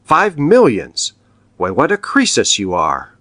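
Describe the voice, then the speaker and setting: A cool, wealthy count speaks with polite, measured irony, as a man reads him. His voice moves lively in pitch, recorded dry and close. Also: no echo, heavily acted. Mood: ironic.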